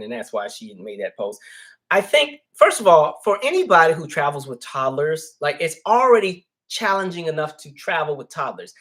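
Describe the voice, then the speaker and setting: A man's voice: a little high, a bit bright. A man hosting a casual commentary vlog, chatty and candid, often checking in with "right?" and "you know". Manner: candid, easygoing storyteller. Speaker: host.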